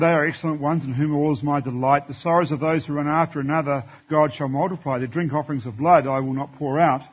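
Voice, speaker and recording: A man's voice: on the high side, husky, muffled recording. A man preaching a sermon in church, talking conversationally to the congregation and reading scripture aloud. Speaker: pastor.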